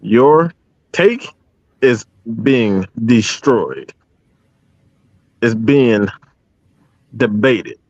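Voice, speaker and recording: A man's voice: mid-range voice, lively intonation, drawn-out words, long pauses, dry recording. Heated male stream co-host, profane, stammering, dry lo-fi mic. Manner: fired-up, profane, stammering restarts. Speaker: podcast co-host. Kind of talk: heated live stream rant.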